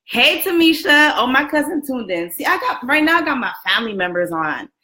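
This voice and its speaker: Bright, lively young woman hosting a live chat. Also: high-pitched, brisk. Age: 20s. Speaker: livestream host. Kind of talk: casual live video chat. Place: room at home with a roommate next door. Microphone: camera and phone set up for a live stream.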